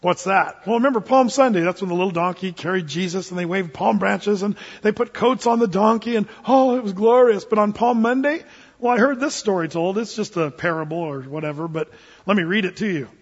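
Husky-voiced folksy male preacher. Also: sits high, brisk. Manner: earnest and folksy, plain preaching. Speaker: pastor. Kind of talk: sermon. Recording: dull, echoey church hall recording.

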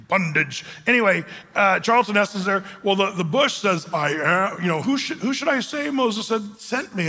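A man with a high, bright, forceful voice gives a chatty Bible teaching from the pulpit. He jokes and drifts into asides. His words ring out in a church hall with a long echo. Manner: chatty and joking, with many fillers and asides. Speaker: pastor. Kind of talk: conversational sermon. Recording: echoey hall.

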